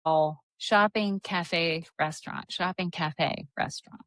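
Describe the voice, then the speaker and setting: A woman's voice: lowish voice, fairly even intonation, takes it slowly, fairly bright tone, dry recording. A woman hosting a podcast, chatting casually and telling a story with lots of fillers and restarts. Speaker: podcast host.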